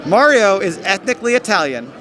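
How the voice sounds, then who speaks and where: A man's voice: high-pitched, big pitch swings, fairly quick, fairly bright tone, some chatter behind. A man hosting a casual street poll at a fan convention, friendly and explaining with playful emphasis. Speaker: host running a street poll. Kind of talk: casual interviewing.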